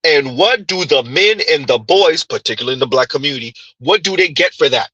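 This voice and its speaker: A man hosting his own commentary channel, talking in an animated, emphatic way and repeating his points as he reacts to a clip. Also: on the high side, brisk, husky, no echo, dull audio.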